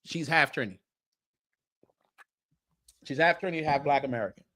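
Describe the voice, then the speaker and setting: A man's voice: a little high, moderate pace, pushed and bright. A man hosting a casual reaction stream, joking and talking straight to his viewers as he goes down a list. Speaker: commentary streamer.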